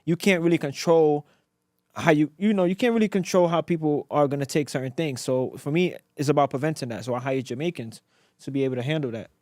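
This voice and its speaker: Man, from Africa, podcast guest, rapid speech, slangy, animated, repetitive, dry close sound. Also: on the high side, no room sound. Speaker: guest entrepreneur. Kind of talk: casual podcast interview.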